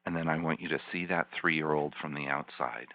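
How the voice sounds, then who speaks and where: Over a dull, lo-fi teleconference connection with a dry recording, a healing practitioner leads a volunteer through a calm visualization. His deep voice is a little fast, his coaching soft, soothing, and repetitive, in a slow guided imagery session.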